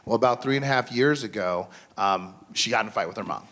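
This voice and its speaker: A man in his thirties or forties speaking on a school mental health panel in a slightly low voice. He talks in an earnest, conversational way, full of "um"s and restarts as he works through his points. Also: fast, background noise. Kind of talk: symposium panel talk. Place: school event.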